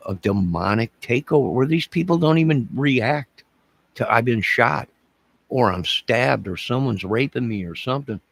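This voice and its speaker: A middle-aged livestream host speaks with a husky, gravelly voice. He rambles and repeats himself and talks straight to his chat. The sound is close and dry. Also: medium pitch, no echo. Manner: emotional, repetitive, speaks to chat. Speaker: channel host.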